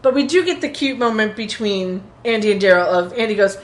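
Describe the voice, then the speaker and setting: A woman with a slightly high voice co-hosts a casual podcast, walking through a TV episode scene by scene. She drifts off on tangents and acts out quoted lines as she goes. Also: a little fast, few pauses. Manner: animated retelling with quoted lines. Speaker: podcast co-host. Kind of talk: casual recap chat.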